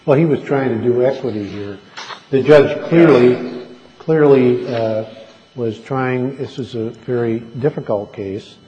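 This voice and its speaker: A man serving as an appellate judge, speaking deliberately from the bench with halting restarts. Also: medium pitch, dark tone, muffled recording. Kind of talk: courtroom oral argument remarks. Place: large courtroom. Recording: reverberant courtroom with faint noise.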